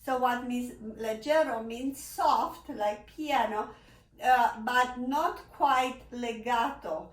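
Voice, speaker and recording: High-voiced woman teaching piano, echoey. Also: takes it slowly. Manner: non-native phrasing, laughs often, pleading warnings. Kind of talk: piano lesson. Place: room with piano. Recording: echoey room, mic at a distance. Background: piano playing.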